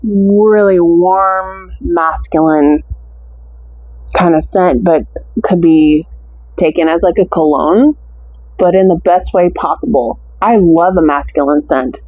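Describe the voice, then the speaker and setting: An American woman reviewing a haul of wax melts talks casually about the scents, gushing and drawing out her descriptive words. Her voice is on the low side and her pace slow, in a dry, lo-fi recording.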